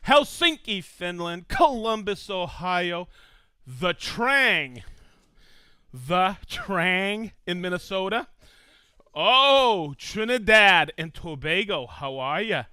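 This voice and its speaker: Upbeat high-pitched male livestream host. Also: sing-song, slow, bright, forceful tone, clear, resonant tone, dry recording. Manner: upbeat, enthusiastic, laughs often. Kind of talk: live stream shout-outs to viewers.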